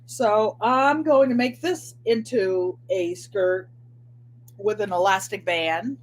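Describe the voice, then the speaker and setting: An older woman hosting a casual sewing and crafts vlog, rambling warmly to viewers and answering them by name. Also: mid-range voice, slow, slight background noise. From Connecticut. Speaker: crafting channel host.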